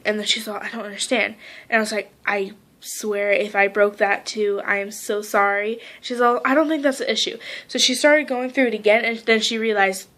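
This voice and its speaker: Teen girl vlogging, rambly and chatty, says like a lot, bit higher voice. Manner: rambling and chatty, quoting people in animated voices; heavy use of "like". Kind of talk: casual storytelling vlog.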